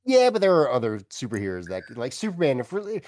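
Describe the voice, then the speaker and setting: A man's voice: medium pitch, wildly swooping pitch, fast talker, darkish tone, no echo. A man co-hosting a casual comic book podcast, rambling and enthusiastic, with lots of likes and I means. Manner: rambling, enthusiastic, hedging with fillers. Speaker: podcast co-host.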